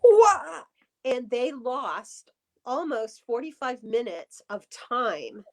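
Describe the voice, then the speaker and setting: A woman guest on a live chat stream, telling stories in an animated, restarting way. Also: fairly high pitch, slow pace. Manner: animated storyteller, many restarts.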